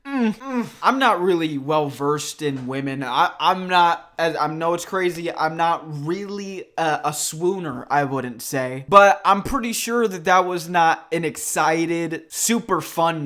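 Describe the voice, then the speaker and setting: High-voiced man doing mocking reaction commentary. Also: a little slow, few pauses. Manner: mocking, animated, mimics the clip in silly voices. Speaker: YouTube commentator.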